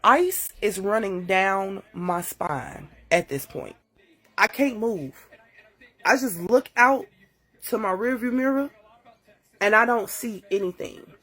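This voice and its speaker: A woman telling a dramatic story to her phone in a casual, profane and animated way. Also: medium pitch, takes it slowly, husky. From Chicago. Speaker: TikTok storyteller. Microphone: phone mic.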